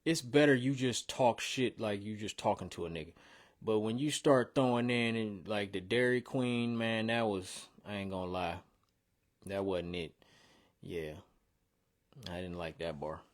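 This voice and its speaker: A man hosting a show where he reviews submitted songs, giving blunt, slangy and animated feedback in casual talk. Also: lowish voice, measured pace. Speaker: host reviewing song submissions. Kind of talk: casual music critique.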